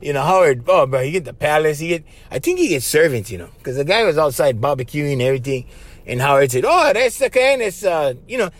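A man with a Hawaiian Pidgin accent hosting his podcast, telling stories in a loose, laughing, animated way. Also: a little high, fast, no echo. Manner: animated, laughs often, says bro constantly. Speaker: podcast host. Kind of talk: casual storytelling monologue.

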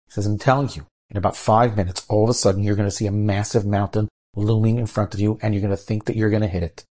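A man voicing a calm, experienced male air traffic controller who gives steady, measured instructions. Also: on the low side, close to an everyday voice.

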